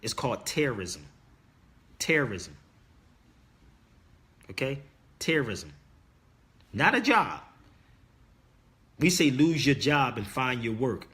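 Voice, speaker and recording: A man's voice: mid-range voice, lively intonation, unhurried, pauses often, a bit bright. A middle-aged man hosting a livestream, talking straight to his viewers in an emphatic, insistent way and repeating his key words like a sermon. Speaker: livestream host. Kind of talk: casual preaching monologue to viewers.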